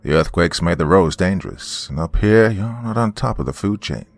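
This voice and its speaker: A man voicing a sinister stranger in a horror story, talking in a slow drawl. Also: low voice, animated, no echo. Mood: menacing.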